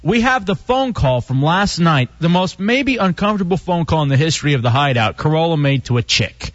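A man's voice: a little high, animated, fairly quick, no room sound. A man hosting a rowdy radio talk show, joking and teasing his co-host and staff. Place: radio studio. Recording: dull lo-fi radio broadcast.

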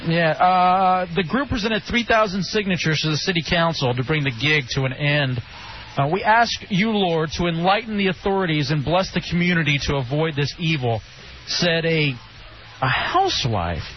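A man hosting a casual radio talk show, joking and animated. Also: normal speed. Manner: animated, joking, jumping pitch. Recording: dull lo-fi broadcast with faint hiss.

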